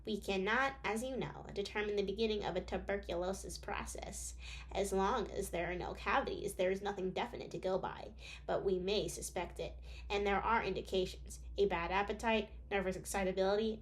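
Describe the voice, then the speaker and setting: A pompous, impatient doctor lectures in a nerdy, subdued, measured way, as a woman reader puts him on. His voice is quieter than the reader's plain speech. It is an audiobook character reading. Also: medium pitch, fairly even intonation, natural voice. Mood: lecturing. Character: pompous celebrated male doctor, cold and impatient.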